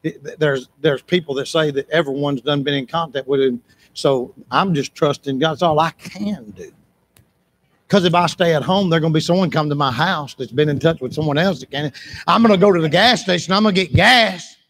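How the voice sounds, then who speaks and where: A man preaching a sermon in church, impassioned, repeating phrases for emphasis and breaking into shouts. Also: on the high side, fairly quick.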